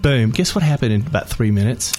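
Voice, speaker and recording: A man with a husky, slightly rough voice chats casually. He stresses his points by repeating words in quick bursts. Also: medium pitch, animated, darkish tone. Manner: emphatic, repeats words for punch. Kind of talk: casual conversation.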